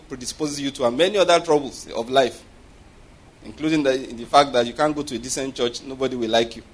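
A male preacher with a husky, slightly breathy voice, delivering an animated sermon. He keeps checking in with his listeners and acts out short voices to drive each point home. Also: medium pitch. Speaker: pastor.

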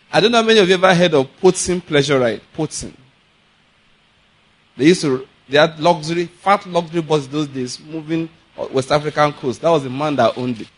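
A man with a Nigerian accent preaching a sermon, telling animated stories, laughing often and acting out the people he quotes. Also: on the high side, slightly rough. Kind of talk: sermon with storytelling.

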